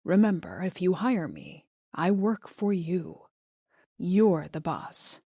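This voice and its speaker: Woman reader playing a soft-spoken male lawyer, slow and low, calm and courteous. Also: slightly rough, no echo, studio quality, exaggerated voice. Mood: reassuring. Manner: slow, gentle and reassuring.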